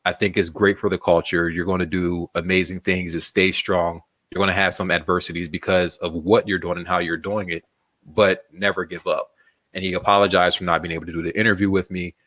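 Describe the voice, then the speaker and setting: A man who founded a magazine, telling a personal story in a relaxed, casual interview and swearing freely. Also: low-pitched, dry recording.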